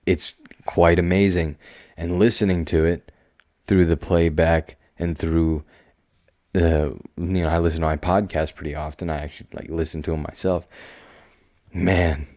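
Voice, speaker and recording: A young man hosting his own podcast in a casual solo monologue, talking slowly and calmly in a soothing, self-assured way, with quiet asides and sudden emphatic bursts. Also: sits low, no room sound, studio quality. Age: young adult. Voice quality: slow, calm and soothing delivery. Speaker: podcast host.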